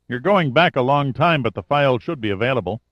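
Male narrator playing a relaxed investigator on the phone, dull lo-fi recording. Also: mid-range voice, brisk, no room sound, lightly acted. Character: friendly male private investigator.

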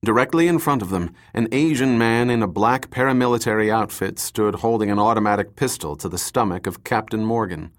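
Guy reading an audiobook, lowish voice, steady measured narration. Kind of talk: scripted narration.

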